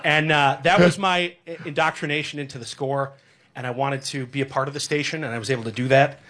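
A man's voice: medium pitch, steady tone, fast, fairly bright tone. A man in his thirties, a radio sports director, giving a rambling, heartfelt farewell tribute on air with many fillers.

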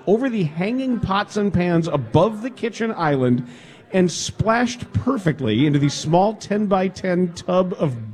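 Male, radio host, call-in chat, fairly high voice, very lively pitch, playful. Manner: animated, playful, laughs along with callers.

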